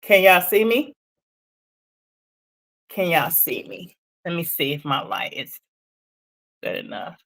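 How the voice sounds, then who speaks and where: Woman live-stream host, slightly out of breath, bouncy pitch, unhurried chatty delivery. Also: very animated, fairly bright tone, rough recording. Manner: chatty, reads and answers viewer comments. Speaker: livestream host chatting with viewers. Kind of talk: casual live chat.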